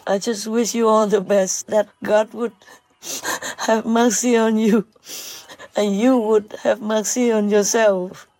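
Woman, slow halting delivery, gravelly edge, choked-up and tearful spiritual talk. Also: medium pitch, a little mellow, no echo, poor audio. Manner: halting, tearful, with many pauses and fillers. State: choked up, throat tight.

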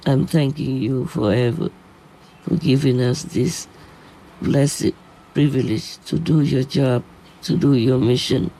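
Slow gravelly man in earnest prayer. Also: medium pitch, dark tone. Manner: earnest, pleading, emotional. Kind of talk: spoken prayer.

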